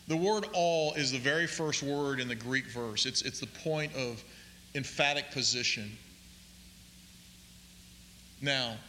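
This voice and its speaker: A man preaching a sermon as pastor, deliberate and emphatic, slowing down to stress key phrases. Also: mid-range voice, bright, forceful tone, big-room sound, a little hiss or hum.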